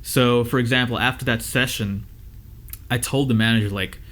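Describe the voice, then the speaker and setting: A young adult man, an audio engineer, talking candidly to camera, giving advice and telling a rough story with lots of fillers and restarts. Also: medium pitch, steady tone, moderate pace, fairly bright tone. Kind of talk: casual advice talk to camera.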